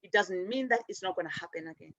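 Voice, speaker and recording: A middle-aged woman gives a gentle spiritual talk, wandering from thought to thought and circling back with fillers and restarts. The sound is dry and close, a little dull and lo-fi. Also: on the low side, fast, no room sound. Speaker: spiritual show host. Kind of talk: casual spiritual teaching.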